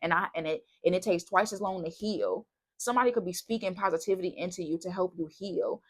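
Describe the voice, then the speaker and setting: A woman's voice: on the low side, quick pace. A woman giving a casual tarot reading, chatty and bubbly, wandering off on tangents. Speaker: tarot reader.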